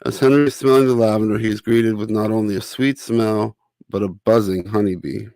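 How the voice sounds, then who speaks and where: A man reading his own children's picture book aloud as narrator, with a steady, clear delivery. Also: lowish voice, a little fast, no room sound. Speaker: author and narrator.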